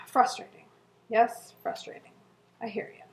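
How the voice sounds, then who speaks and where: Middle-aged woman, somewhat high voice, earnestly reading her old journal entries aloud in an echoey room. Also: little pitch movement, measured pace, noisy background. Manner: earnest and emotional, with soft laughs and sighs. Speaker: co-host.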